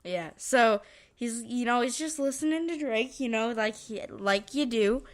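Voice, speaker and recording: A woman's voice: fairly high pitch, lively intonation, a little slow. A woman co-hosting a podcast, recapping a movie plot in a rambling, hesitant way and forgetting names. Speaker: podcast co-host. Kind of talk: casual movie review chat.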